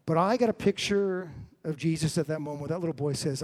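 A middle-aged man preaching a sermon, telling the story with lively swings between loud and hushed delivery. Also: on the high side, a little fast.

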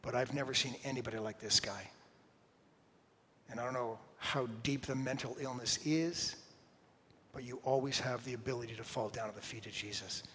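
Guy preaching a sermon, gets loud then drops to a whisper, big echoey church hall. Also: mid-range voice, moderate pace, a little hiss or hum. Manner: dynamic preaching, swings from loud to hushed whispers. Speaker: pastor. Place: church sanctuary. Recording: long reverb of a large hall.

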